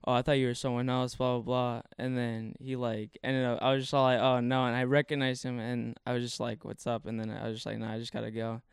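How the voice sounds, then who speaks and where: Smooth-voiced young man telling a story. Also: mid-range voice, level tone, fairly quick, hardly any pauses, dry recording, studio quality. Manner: rambling slangy storytelling, heavy fillers. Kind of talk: casual chat.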